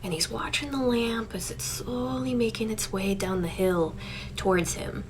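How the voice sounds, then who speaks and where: A woman telling a spooky campfire ghost story in a hushed, mostly whispered voice. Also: on the high side, moderate pace, a little hiss or hum, poor audio.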